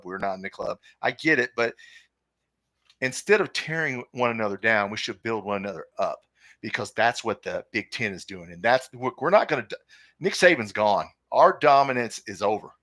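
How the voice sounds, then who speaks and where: A man's voice: medium pitch, bright, forceful tone, dry recording, studio quality. A man hosting a live sports talk stream, opinionated and rambling, reading viewer comments aloud. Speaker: podcast host.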